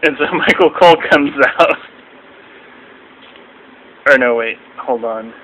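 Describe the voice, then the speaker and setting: A young man in a casual, rambling video review at home, now and then mimicking people in shrill voices. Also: slow, sharp tone, slight background noise, poor audio. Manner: rambling, acts out quotes in shrill mocking voices. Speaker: vlogger reviewing wrestling.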